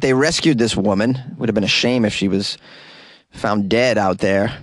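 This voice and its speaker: A man's voice: on the low side, moderate pace, no echo. Wry male comedian reading news. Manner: wry, jokey asides, mock exasperation. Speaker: podcast host and comedian. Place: closet. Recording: dry closet recording.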